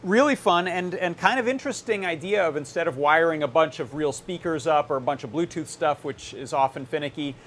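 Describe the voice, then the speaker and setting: A man hosting a live electronics workshop, explaining his setup in a relaxed, casual way with plenty of filler words as he tinkers. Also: fairly high pitch, a little fast, few pauses, a little hiss or hum.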